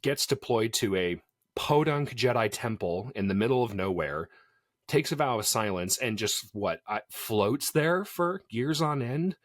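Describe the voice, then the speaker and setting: A man co-hosting a casual podcast, chatty and animated, laughing often. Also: mid-range voice, measured pace, no echo, studio quality. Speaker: podcast co-host.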